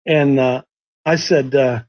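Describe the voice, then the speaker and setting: A man hosting a faith talk show, telling a story in an animated, stumbling, repetitive way. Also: medium pitch, slow pace, muffled recording. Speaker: host.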